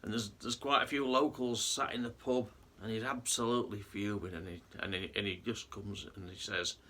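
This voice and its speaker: A man's voice: on the low side, steady tone, moderate pace, sharp tone, a little hiss or hum. A man vlogging in a casual monologue, earnest and rambling with frequent restarts.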